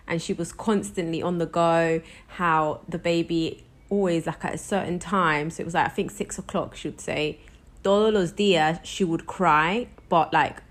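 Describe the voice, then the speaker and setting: Lower-voiced chatty podcast co-host woman. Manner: chatty, relaxed anecdotes with laughs. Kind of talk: casual chat.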